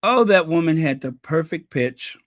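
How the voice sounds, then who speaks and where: A man's voice: on the high side, expressive, moderate pace, no room sound, clean studio sound. A man hosting a casual livestream, reading viewers' messages aloud in a chatty, apologetic way and laughing nervously. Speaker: channel host reading live chat.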